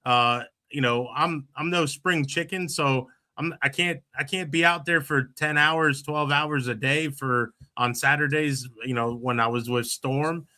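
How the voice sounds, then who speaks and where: A man's voice: mid-range voice, fairly even intonation, unhurried, hardly any pauses, bright, forceful tone. A middle-aged man, hosting a casual podcast chat and rambling with many restarts and fillers. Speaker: podcast host.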